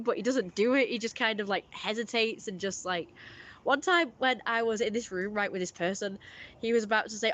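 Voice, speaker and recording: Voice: mid-range voice, brisk, fairly bright tone. Rambling streamer, chatty. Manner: rambling, chatty storytelling with many fillers. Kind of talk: casual live-stream chat.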